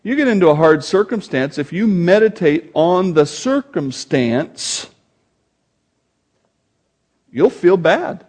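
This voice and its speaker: An older man preaching a sermon as pastor, telling stories with animated delivery and acting out voices. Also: high-pitched, takes it slowly, pauses often. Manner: animated storytelling, acts out voices; quotes scripture with rising force.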